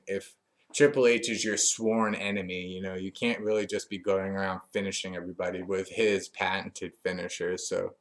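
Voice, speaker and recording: A man with a deep, slightly bright voice recaps a wrestling show as a reviewer. His commentary is chatty and loose, with frequent fillers and restarts.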